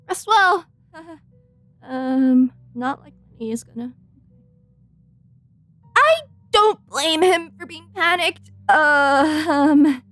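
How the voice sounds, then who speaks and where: A woman's voice: sits high, very slow, pauses often, fairly bright tone, no echo. A woman streamer giving playful, giggly commentary while she plays a game and talks back to the characters. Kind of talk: casual gameplay commentary. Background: faint game music.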